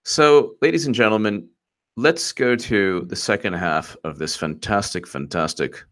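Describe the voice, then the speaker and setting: A man's voice: on the low side, unhurried, a bit bright. A man hosting a live-streamed political commentary show, rambling and mocking as he laughs often.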